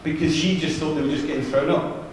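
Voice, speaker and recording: At a youth ministry seminar in a large church hall, a man tells funny, chatty anecdotes with asides, talking fast with a fairly high pitch and fairly even intonation. The mic is distant, giving an echoey sound with slight background noise.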